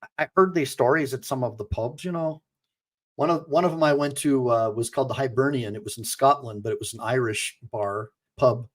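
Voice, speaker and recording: A man's voice: mid-range voice, a little fast. An American man hosting a reaction video, talking in a loose, chatty way. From United States. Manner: loose, chatty, swears and laughs. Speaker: attorney and host.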